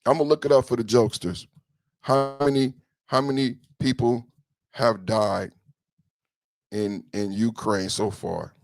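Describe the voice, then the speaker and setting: A man's voice: fairly even intonation, unhurried, creaky, long pauses, no echo. Brief: male podcast host, passionate political monologue, repetitive and emphatic, recorded dry and close. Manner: impassioned, repetitive, shifts between low brooding and loud outbursts.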